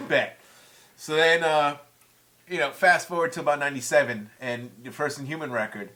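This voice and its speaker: A man's voice: mid-range voice, brisk, bright, forceful tone. A man in his forties, a guest musician in a casual chat, telling stories with heated, profane language. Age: 40s.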